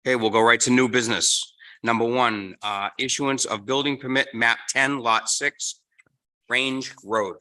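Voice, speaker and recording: Bright-voiced man chairing a meeting. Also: mid-range voice, fairly even intonation, rough recording. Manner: halting, with fillers. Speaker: board chair. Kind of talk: town board meeting.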